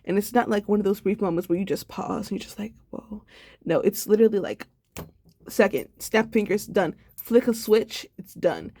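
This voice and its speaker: A woman's voice: medium pitch, animated, normal speed, mellow. A sad, subdued young woman in a personal video diary, talking reflectively and rambling with many fillers. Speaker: vlogger.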